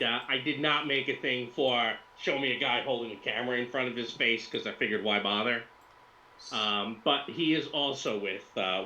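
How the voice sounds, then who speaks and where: A man narrating a tabletop game as game master, lively with self-mocking asides. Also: medium pitch, a little hiss or hum. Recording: echoey room, dull lo-fi sound.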